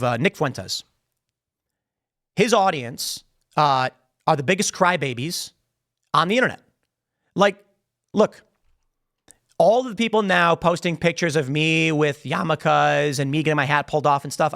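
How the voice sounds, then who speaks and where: A podcast host tears into his critics in a ranting monologue, and his high voice leaps up and down as he mocks and repeats himself for emphasis. He speaks straight into a studio microphone. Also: fairly bright tone. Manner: emphatic and mocking, repeats phrases for effect.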